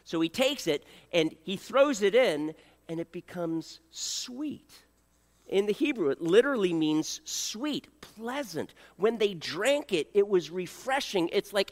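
A man preaching a sermon, animated and joking, acting out voices and coughing now and then. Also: high-pitched, moderate pace, big-room sound. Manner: animated, acts out voices, jokes with the congregation. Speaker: pastor.

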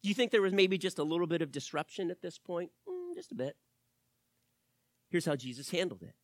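A male pastor preaching a teaching sermon, swinging from loud emphasis to quiet asides and asking the audience questions. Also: high-pitched, very animated, a little fast, no room sound. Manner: asks the audience direct questions.

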